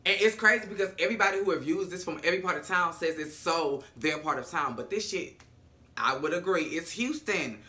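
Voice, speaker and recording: A vlogger recapping a TV episode in a sassy, animated, profane storytelling manner. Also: medium pitch, a little fast.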